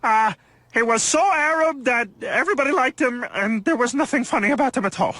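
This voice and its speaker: An actor voicing a puppet bear comedian who tells corny jokes in a cartoon. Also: male voice, very high voice, fairly quick, pushed and bright, no echo. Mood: joking. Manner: corny stand-up jokes, punchline delivery. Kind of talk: cartoon voice acting.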